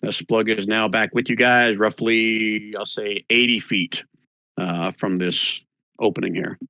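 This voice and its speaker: Game master guy, lowish voice, bright tone, dry close sound. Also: measured pace, no echo. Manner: relaxed narration with small restarts, calls for rolls. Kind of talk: narrating a tabletop game.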